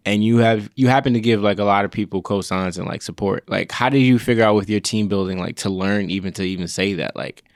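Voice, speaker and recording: A man hosting a podcast in an easygoing, joking way, giving shout-outs and acting out quotes as he asks his questions. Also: on the low side, quick pace, hardly any pauses, no echo, studio quality. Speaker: podcast host. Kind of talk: casual interview chat.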